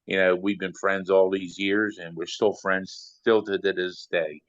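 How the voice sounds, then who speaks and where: A man's voice: low-pitched, little pitch movement, a little slow, fairly bright tone, dry recording, highs cut off. An older man from Maryland, an interview guest telling long rambling stories packed with "you know" fillers. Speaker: interview guest, sound engineer. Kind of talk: casual storytelling.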